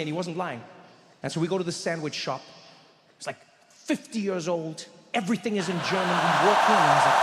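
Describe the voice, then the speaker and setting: A middle-aged man telling an animated stand-up story on a theater stage. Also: on the high side, a little fast, slight background noise. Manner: animated, acts out voices. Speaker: stand-up comedian. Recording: stage mic in a reverberant hall. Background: audience ambience.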